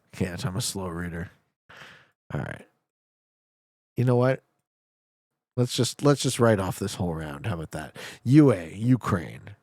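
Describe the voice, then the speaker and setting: A deep-voiced Canadian man streams a game, speaking unhurriedly with long pauses. His casual commentary is profane and excitable, full of joking with viewers and heated reactions to his guesses, and the audio is clean studio sound without echo.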